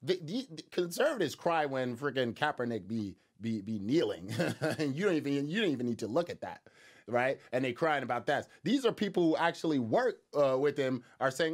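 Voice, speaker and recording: A man's voice: medium pitch, very animated, moderate pace. A man giving casual reaction commentary on a news clip, sarcastic and mocking, rambling with many restarts and repeated words.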